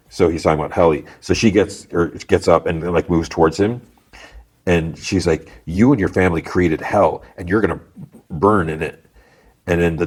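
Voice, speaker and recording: A man's voice: deep voice, darkish tone. A man hosting a podcast, casually recapping a TV episode in a rambling way, full of restarts and retold dialogue. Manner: rambling, retells scenes with many restarts and "he's like". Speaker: podcast host.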